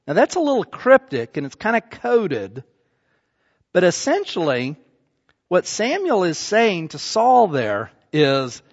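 A man preaching a sermon, retelling scripture as a lively story and acting out what the figures say in everyday speech. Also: fairly high pitch, takes it slowly, big-room sound, lo-fi sound.

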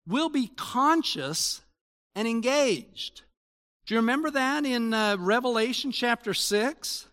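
A man in his sixties preaching a sermon in a conversational way, moving between loud emphasis and quiet asides. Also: very high-pitched, expressive, slow pace, clear, resonant tone. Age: 60s. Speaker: pastor.

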